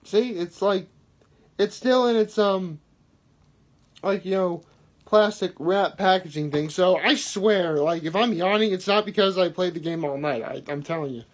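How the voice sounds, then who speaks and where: A man's voice: sits high, measured pace. A man talking casually to camera in his daily vlog, rambling earnestly with lots of fillers and restarts. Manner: earnest, self-deprecating asides. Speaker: daily vlogger. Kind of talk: casual daily video talk.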